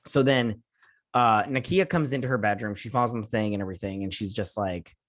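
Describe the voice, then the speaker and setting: A man's voice: on the low side, brisk, no echo, studio quality. A man from the United States hosting a casual episode recap, rambling with lots of fillers and restarts. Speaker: host.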